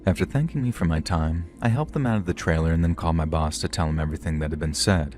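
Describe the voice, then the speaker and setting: Male horror narrator, deep low voice, steady scripted storytelling. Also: fast, faint music behind.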